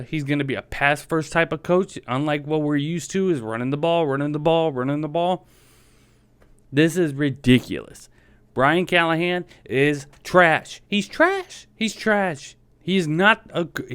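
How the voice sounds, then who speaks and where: A man's voice: on the high side, no room sound. A man hosting a sports fan podcast, ranting in a heated, frustrated way and repeating his points. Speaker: podcast host.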